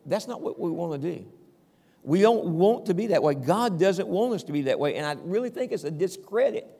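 Gravelly older preacher in a reverberant hall. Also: male voice, sits high, animated, a little fast, dark tone. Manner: conversational preaching, often checking in with "okay?". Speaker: pastor. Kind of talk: sermon. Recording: long reverb of a large hall.

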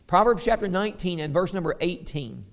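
A man's voice: high voice, lively intonation, a little fast. A middle-aged man preaching a sermon, telling stories and reading scripture aloud. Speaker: pastor.

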